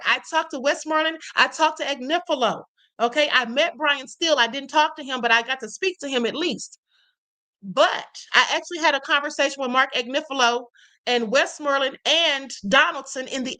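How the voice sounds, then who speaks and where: A woman's voice: sits high, pushed and bright. A woman hosting a live stream, giving emphatic commentary and talking straight to her chat. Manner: emphatic, addresses chat directly.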